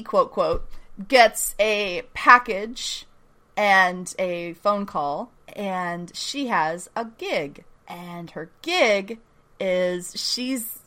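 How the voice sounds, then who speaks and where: A woman's voice: medium pitch, bright, forceful tone. A young adult woman co-hosting a podcast, recapping an episode in casual chat, laughing often, swearing and making playful asides. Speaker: podcast co-host.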